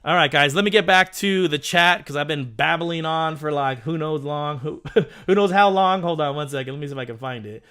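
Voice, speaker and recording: With a clean tone on the high side, a man around thirty talks fairly quickly while hosting a casual live stream. He chats excitedly with viewers, rambling with many restarts.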